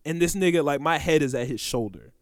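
A young man telling a funny story to a friend in casual chat, animated and often laughing. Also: on the high side, fast talker, dry recording, studio quality. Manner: animated, laughing, swearing, acts out quoted voices.

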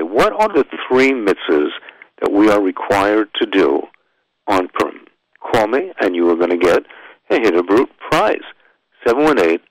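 A man's voice: fairly low pitch, a bit bright, no room sound, poor audio. A man hosting a radio call-in show, folksy and emphatic, dropping Hebrew and Yiddish phrases into his talk and stretching words for emphasis. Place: radio studio. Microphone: studio microphone.

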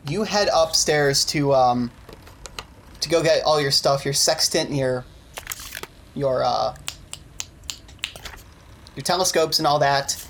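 Game master, male, laid-back filler-heavy narration, higher register. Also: slow, long pauses, a little hiss or hum, low-quality recording.

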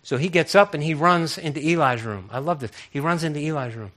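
A man preaching a sermon as a pastor, telling the story with lively acted-out voices and frequent repeated words. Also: a little high, fairly quick.

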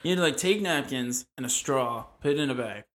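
A man's voice: mid-range voice, lively intonation, brisk, fairly bright tone. A man co-hosting a podcast, joking and laughing as he swaps old work stories. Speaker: podcast co-host. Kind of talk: casual chat.

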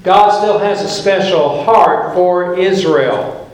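A man's voice: high-pitched, slow pace. A male pastor preaching a sermon, emphatic, and painting scenes as he tells the story. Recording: very echoey church room.

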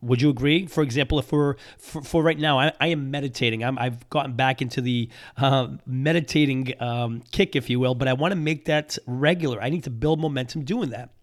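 A man hosting a motivational show in an upbeat, energetic way, his voice a bit off from being sick and on the mend, repeating his key points. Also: medium pitch, a little fast, hardly any pauses. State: sick voice, recovering. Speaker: podcast host. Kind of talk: motivational talk.

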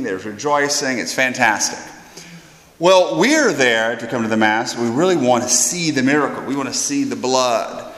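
A man, a priest, telling a funny anecdote with animated, self-deprecating energy and stumbling repeats, in an echoey hall. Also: medium pitch. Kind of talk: storytelling anecdote.

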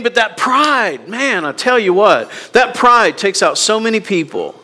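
A man's voice: high voice, pushed and bright. A male pastor preaching a sermon to his congregation, emphatic and conversational, often repeating words and asking the room questions.

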